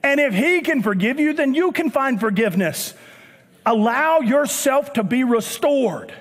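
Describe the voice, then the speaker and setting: High-voiced preacher in an echoing church. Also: male voice, unhurried. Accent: Southern US. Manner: preachy and animated, rising to shouts, with joking asides. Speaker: pastor. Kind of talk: sermon. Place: church auditorium. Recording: long church hall reverb.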